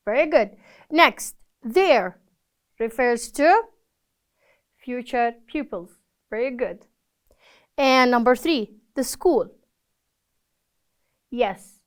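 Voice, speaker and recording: A woman teaching a recorded English reading lesson, patient and encouraging, praising each answer. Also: a little high. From Palestine.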